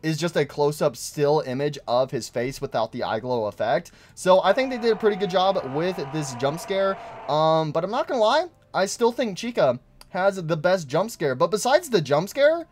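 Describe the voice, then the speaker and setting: A man narrating a game video with gushing, excitable energy. His voice sits a bit higher than most men's, and he reacts eagerly to each new detail. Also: moderate pace, hardly any pauses, a little hiss or hum. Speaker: gaming YouTuber. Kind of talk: gameplay commentary.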